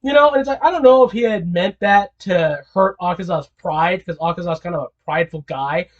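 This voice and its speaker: A man talking alone in a casual commentary, animated and incredulous, rambling with restarts and repeated questions. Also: high voice, brisk, lo-fi sound. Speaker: video creator.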